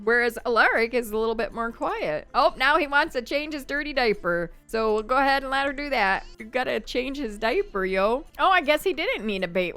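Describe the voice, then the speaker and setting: A woman's voice: high voice, expressive, fairly quick, few pauses, sharp tone, faint music behind. A woman giving casual let's-play commentary, chatting to the game characters as she plays. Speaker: gameplay commentator.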